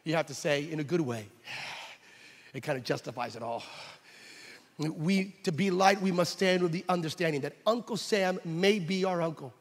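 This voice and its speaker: A pastor preaching in a high, ringing voice, pressing his points with emphasis. He drifts into stories and acts out the voices in them. The sound carries a long reverb tail from a large hall. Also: moderate pace. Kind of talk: sermon with personal storytelling.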